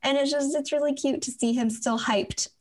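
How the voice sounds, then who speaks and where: A woman's voice: high-pitched, steady tone, normal speed. A woman co-hosting a podcast in casual chat, playful and giggly, jokingly quoting characters. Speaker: podcast co-host.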